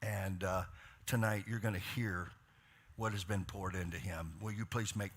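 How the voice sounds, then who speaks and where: A male pastor preaching a sermon, speaking warm encouragement to the congregation. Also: low-pitched, fairly even intonation, normal speed, husky. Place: church stage.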